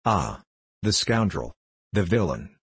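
Brief: fiery young village bridegroom, voiced by a male reader, low and husky. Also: sing-song, slow pace, no echo, heavily acted. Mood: enraged. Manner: vehement.

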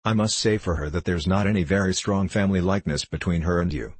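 Guy doing a jokey idle young fellow, deep husky voice, breezy and mocking. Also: quick pace, no echo. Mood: jaunty. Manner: breezy, joking, lightly mocking. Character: flippant idle young man, jaunty.

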